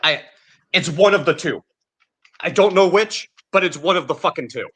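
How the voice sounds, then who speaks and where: A man's voice: a little high, normal speed, fairly bright tone, breathy edge. A man ranting angrily and sarcastically about politics, swearing constantly. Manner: angry, profane, sarcastic ranting. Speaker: podcast co-host.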